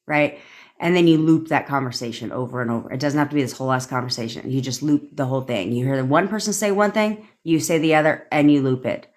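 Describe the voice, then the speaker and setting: Low-voiced chatty woman coach. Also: fast talker, a little mellow. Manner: chatty, frequent profanity, addresses viewers by name. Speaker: manifestation coach. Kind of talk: casual livestream talk. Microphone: phone.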